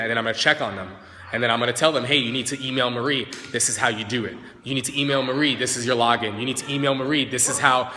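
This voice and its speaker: Chatty man with a bright echoey voice. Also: medium pitch. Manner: chatty, talks to viewers and dogs, frequent "right?" and "like". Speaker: dog trainer. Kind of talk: casual live-stream explanation. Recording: echoey room with long reverb.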